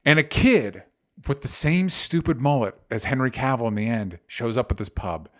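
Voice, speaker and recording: A man's voice: mid-range voice, expressive, normal speed. A man co-hosting a casual chat show, ranting animatedly with exasperation and swearing. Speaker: podcast co-host.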